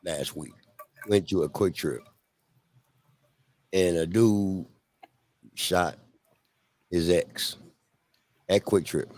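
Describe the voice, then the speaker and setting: Very deep-voiced man, dry and laid-back. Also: very slow, pauses often, a little mellow, dry recording. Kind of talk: casual chat.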